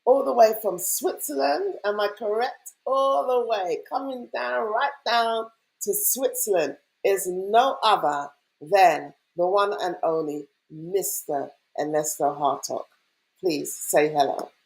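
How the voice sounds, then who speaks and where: A woman's voice: medium pitch, slow pace, vocal fry, poor audio. A woman hosting an online event over a video call, chatty and welcoming, greeting viewers with enthusiasm. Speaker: host.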